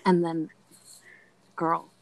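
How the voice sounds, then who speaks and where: A woman's voice: low-pitched, monotone, very slow, gravelly, rough recording. A young woman telling a candid story in casual chat, dramatic and laughing often. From Latin American heritage.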